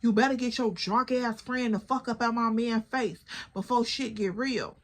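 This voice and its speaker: A woman's voice: on the high side, normal speed, close to an everyday voice. A woman voicing an angry young woman who snaps out blunt, cursing demands.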